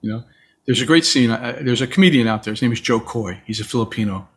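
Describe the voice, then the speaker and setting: A man's voice: mid-range voice, fast, slightly rough. A man guest in a reflective conversation, telling stories and acting out the voices of people he quotes. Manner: storytelling, acts out quoted voices. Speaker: interview guest.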